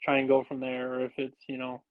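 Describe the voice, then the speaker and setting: A man hosting a podcast, speaking in an encouraging, halting way full of "you know"s. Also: medium pitch, monotone. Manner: encouraging, halting, filler-heavy. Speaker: podcast host. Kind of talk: casual podcast chat. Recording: dull lo-fi recording.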